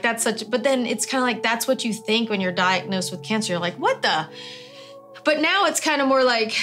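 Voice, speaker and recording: A woman's voice: mid-range voice, fairly bright tone. A middle-aged woman, talking casually in an interview, rambling with many restarts.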